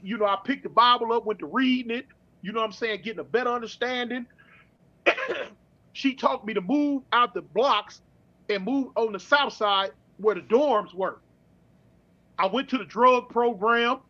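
A middle-aged man from California telling his story in casual street slang, with halting restarts, over a dull remote call. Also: very high voice, bright, forceful tone. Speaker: guest.

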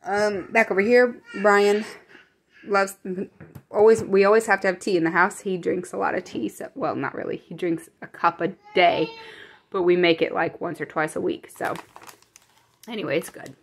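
A woman's voice: mid-range voice, fairly even intonation, normal speed, slight background noise. A young woman in a casual home vlog, chatting in a rambling way and often correcting herself. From American Midwest. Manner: whispering. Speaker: vlogger. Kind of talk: casual grocery haul chat.

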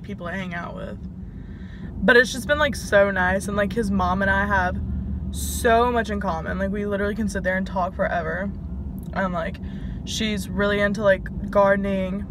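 Against noisy surroundings, a Southern-accented woman in her twenties chats casually to camera in her vlog. Her voice is mid-range, and "like" fills every pause in her chatty delivery.

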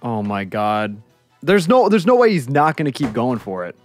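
A man's voice: medium pitch, big pitch swings, moderate pace, soft background music. A young man co-hosting a let's play, joking and laughing in casual gaming banter.

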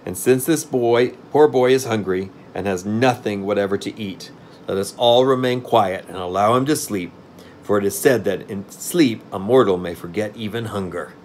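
A man reading aloud and voicing a kindly, wise scarecrow king in a gentle, soothing tone. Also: fairly low pitch, moderate pace, a little hiss or hum, close to an everyday voice.

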